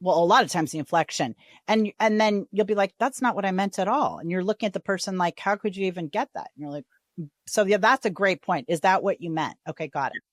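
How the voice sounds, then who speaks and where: A woman's voice: fairly low pitch, quick pace, dry recording, studio quality. Chatty woman podcast host. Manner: chatty, animated, acts out quoted voices. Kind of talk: casual interview chat.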